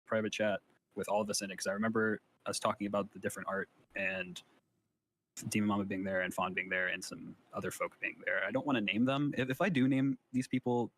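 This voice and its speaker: A man's voice: lowish voice, flat delivery, fairly quick, a bit bright, a little hiss or hum. A man being interviewed who recalls past events hesitantly, with many ums and self-corrections.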